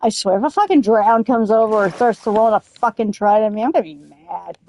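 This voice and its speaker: This gaming streamer speaks quickly in a medium-pitched, darkish voice as she plays. She chats and rambles casually, slips into silly riffs, and swears angrily at the game in sudden bursts.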